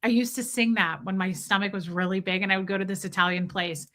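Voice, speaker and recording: A fast-talking woman with a mid-range voice reads super chats on her stream. Her chat is casual and playful, with plenty of swearing, mock voices and little bursts of song.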